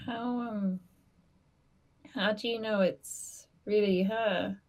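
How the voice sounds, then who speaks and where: A woman voicing a gentle male bard who asks soft, hesitant questions. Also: mid-range voice, fairly even intonation, slow pace, close to an everyday voice. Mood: concerned. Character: gentle young male bard, caring and probing.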